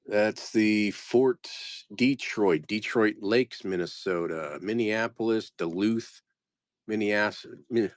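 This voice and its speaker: A man's voice: fairly low pitch, no echo, studio quality. A man casually talking through a lot of postcards, muttering place names one by one and trailing off. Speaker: postcard reseller. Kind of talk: casual commentary sorting postcard lots.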